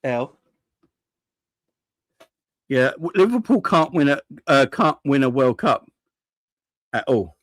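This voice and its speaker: A man's voice: medium pitch, animated, slow pace, pauses often, no echo. A young man ranting about a football defeat, furious and sweary, repeating himself and firing off rhetorical questions. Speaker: football fan channel host. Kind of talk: angry fan reaction rant.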